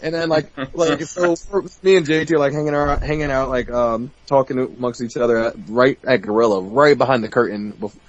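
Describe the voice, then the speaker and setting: A man in his twenties, a wrestler guest, telling a backstage story in a profane, animated way. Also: fairly quick, few pauses. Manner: profane, animated, bursts into high-pitched mimicry. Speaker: interview guest, pro wrestler. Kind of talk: casual storytelling. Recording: dull, dry podcast audio.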